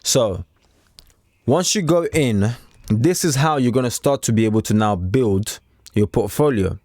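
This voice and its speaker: A man's voice: medium pitch, animated, a little slow, a little mellow, no echo, studio quality. A man talking casually to camera as a trading coach, chatty and repetitive, with streetwise slang. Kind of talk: casual unscripted talk to camera.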